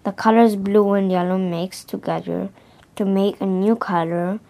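Slow, stumbling woman reading aloud. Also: mid-range voice, steady tone, creaky, dark tone. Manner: slow and careful, stumbling over words. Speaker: reader. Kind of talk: reading a children's storybook aloud.

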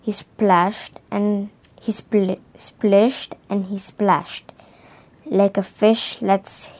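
A woman reading a children's storybook aloud, slowly and carefully, stumbling over and restarting some words. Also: mid-range voice, level tone, darkish tone. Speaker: reader.

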